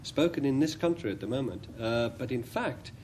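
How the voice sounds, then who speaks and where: A man on a panel game explaining a bluff in a measured, hesitant way, with many pauses. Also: mid-range voice, lively intonation, darkish tone, slight background noise.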